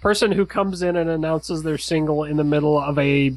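Male co-host, slightly high voice, dry sound, halting delivery. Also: a little mellow, dry recording, poor audio. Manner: hesitant, self-correcting. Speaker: podcast co-host. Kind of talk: casual chat.

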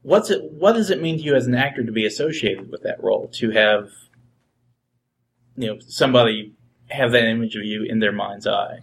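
A man's voice: medium pitch, a little fast, gravelly. A man interviewing a guest, rambling a bit as he builds a question.

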